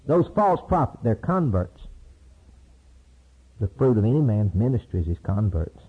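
A male preacher delivers a sermon, swinging from loud high cries to low hushed storytelling. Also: sing-song, moderate pace, pauses often, breathy edge. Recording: tinny lo-fi sermon tape.

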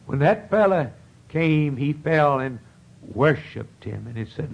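A man's voice: on the high side, lively intonation, slow, vocal fry, lo-fi sound, slight background noise. A man preaching a sermon in a folksy, earnest storytelling manner, with rising outbursts.

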